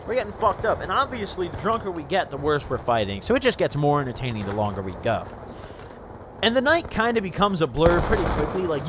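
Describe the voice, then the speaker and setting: A man's voice: on the high side, background noise. A young man hosting a gaming channel, telling a profane, rambling story over gameplay and saying "dude" constantly. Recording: gunfire from gameplay behind voice. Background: game gunfire and vehicles.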